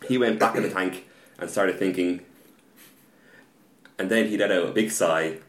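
Man, very low voice, halting casual storytelling, roomy echoey sound. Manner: halting, repeats words, animated when excited. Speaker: card game player telling a match story. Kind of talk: casual podcast chat.

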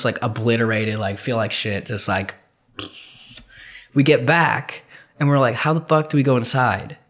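A man's voice: mid-range voice, a bit bright. A young man co-hosting a podcast, telling a long story in casual chat, rambling with restarts and swearing freely. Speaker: podcast co-host.

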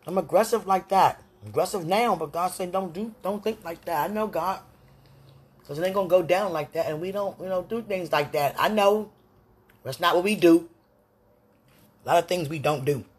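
A podcast host delivers an emotional personal monologue aloud, pleading with God and a loved one, drifting between soft murmurs and loud declarations. The voice is mid-range with a breathy edge, at a moderate pace.

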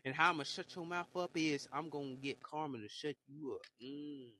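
Preachy man with a bright voice. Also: a little high, normal speed, few pauses, slight background noise, poor audio. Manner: preachy, exclaims "Lord have mercy". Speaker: podcast host. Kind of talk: preachy motivational monologue.

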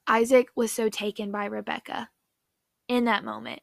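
A young woman retelling a Bible story in a casual, excitable, chatty way and saying "like" often. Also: on the high side, normal speed, vocal fry, no room sound, studio quality. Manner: excitable, chatty, heavy use of "like". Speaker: faith vlogger.

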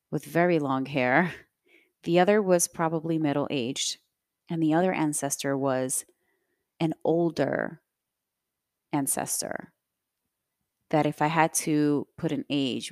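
Young woman, low voice, chatty and reflective, lots of likes and ums, dry close sound. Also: darkish tone, dry recording. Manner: reflective, conversational with frequent fillers. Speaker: podcast host. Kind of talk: personal storytelling.

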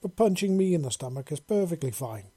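A man's voice: fairly high pitch, big pitch swings, brisk, mellow, slightly rough, no echo, voice pushed up. A man reading a story, voicing a whiny, nervous young male soldier who turns dramatic. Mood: whining. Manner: whining, dramatic.

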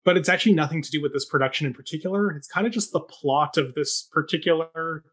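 A man with a slightly high, bright, sharp-edged voice talks through a play review. He is casual and measured, often restarting his sentences. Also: breathy edge. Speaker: theatre reviewer. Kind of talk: casual podcast review chat.

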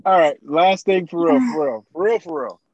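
A man's voice: on the high side, normal speed, dry recording, highs cut off. A man hosting a podcast, playfully teasing and pushing his guests in casual chat. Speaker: podcast host.

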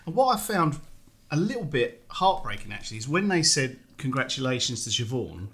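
A British man interviewing a guest in a relaxed, conversational and reflective way. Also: medium pitch, brisk. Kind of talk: casual interview chat.

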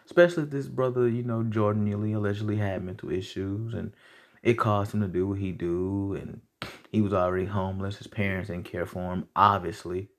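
A man's voice: fairly low pitch, steady tone, brisk. A young man hosting a podcast, ranting bluntly and heatedly with lots of profanity. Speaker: podcast host. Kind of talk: casual rant.

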